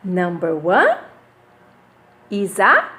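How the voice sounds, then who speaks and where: A woman's voice: mid-range voice, wildly swooping pitch, drawn-out words, pushed and bright. A woman teaching English to kindergarten children in an online class, speaking in an exaggerated, sing-song way and asking them many questions.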